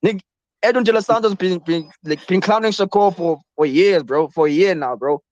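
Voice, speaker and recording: A man's voice: high voice, brisk, no echo, highs cut off. A man on a boxing panel arguing in a profane, insistent way and repeating his points. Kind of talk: heated casual debate.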